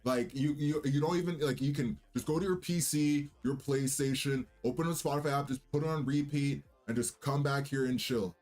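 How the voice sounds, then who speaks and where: A man's voice: medium pitch, fairly even intonation, brisk, hardly any pauses, darkish tone. Young male streamer, casual cocky banter, rambling, faint music behind. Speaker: livestream host and musician. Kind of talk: casual livestream chat.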